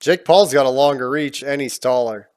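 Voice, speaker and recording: A man's voice: mid-range voice, normal speed, darkish tone, no room sound, studio quality. A man hosting a casual podcast chat, emphatic and profane. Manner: emphatic, profane, talks over others. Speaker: podcast host.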